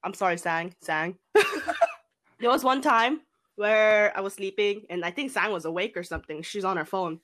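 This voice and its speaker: A woman's voice: mid-range voice, normal speed, a bit bright. Giggly young woman in casual chat. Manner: giggly, breaks into frequent laughter. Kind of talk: casual chat among friends.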